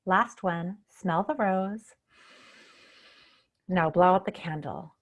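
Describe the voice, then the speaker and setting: A woman leading a speech exercise lesson, demonstrating drills slowly and clearly and encouraging the listener. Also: lowish voice. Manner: slow, clear, encouraging demonstration with drawn-out practice words. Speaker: speech therapy instructor.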